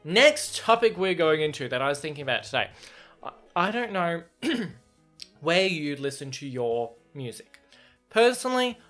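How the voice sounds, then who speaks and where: Chatty young Australian podcast host. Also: male voice, on the high side, big pitch swings, normal speed, fairly bright tone, soft background music. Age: 20s. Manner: rambling and chatty, laughs between thoughts. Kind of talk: casual solo podcast chat.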